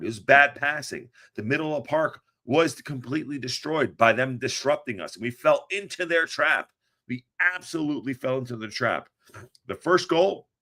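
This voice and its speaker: A man hosting a football reaction podcast, talking in an animated, rambling way that often stumbles and restarts mid-sentence. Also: a little high. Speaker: podcast host. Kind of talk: post-match reaction chat.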